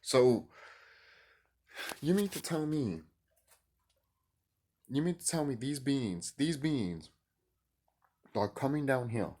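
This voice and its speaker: A man rambling excitedly and cursing freely in a casual vlog monologue to his viewers. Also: mid-range voice, slow pace, pauses often, a little hiss or hum. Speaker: YouTuber.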